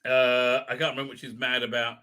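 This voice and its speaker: A man's voice: mid-range voice, little pitch movement, fast talker, bright, forceful tone. A man hosting a live show, sarcastically commenting on a TV episode and mocking its characters in put-on voices, with lots of fillers and restarts. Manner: sarcastic, mocking, acts out quotes in exaggerated voices. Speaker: host.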